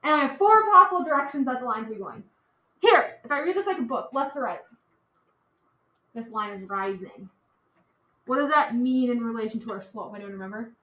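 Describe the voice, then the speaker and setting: A woman's voice: on the high side, animated, brisk, long pauses, bright, forceful tone, highs cut off. A woman teaching a class, chatty and casual, filling her talk with "like" and "okay". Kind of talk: classroom lecture. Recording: echoey classroom, faint noise.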